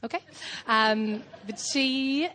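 A young Irish woman doing standup on a club stage, telling a whimsical, rambling story in a deadpan way, with lots of ums. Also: a little high, takes it slowly, a little hiss or hum. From Ireland. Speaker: standup comedian. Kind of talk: live standup set.

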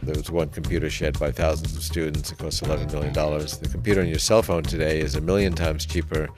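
A man giving a speech as an inventor, in a measured, emphatic delivery. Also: very deep voice, level tone, over music. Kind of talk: speech clip.

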